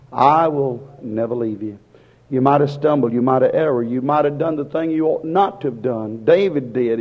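Husky-voiced man preaching fervently. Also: medium pitch. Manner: impassioned, repetitive preaching that swings between hushed and loud. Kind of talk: fervent sermon. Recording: lo-fi recording in a reverberant hall.

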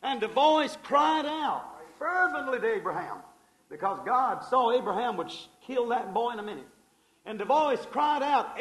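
A man preaching a sermon with a voice pitched very high for a man. He talks to his listeners in a fervent, folksy way and calls them folks. His volume swings from loud, driving passages down to hushed ones. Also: animated, moderate pace, low-quality recording. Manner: folksy, addresses the audience as folks.

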